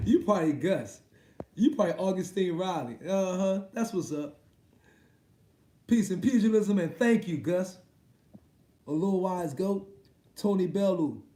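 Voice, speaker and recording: Casual male live-stream host, high voice, loose and profane, echoey room. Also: animated, measured pace, long pauses, mellow. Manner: loose, profane, laughs often. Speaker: boxing livestream host.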